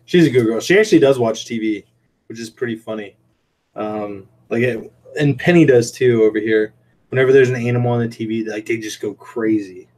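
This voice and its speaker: A man's voice: mid-range voice, normal speed, darkish tone. A man hosting a casual livestream from a home room lined with fish tanks, telling stories in a rambling way full of "like" and "um". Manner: chatty, tells anecdotes. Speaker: livestream host and aquarium shrimp seller.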